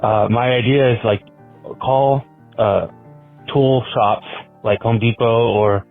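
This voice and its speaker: A man leaving a halting voicemail full of pauses and ums. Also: medium pitch, fairly even intonation, faint music behind. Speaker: caller. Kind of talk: voicemail message. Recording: tinny phone voicemail.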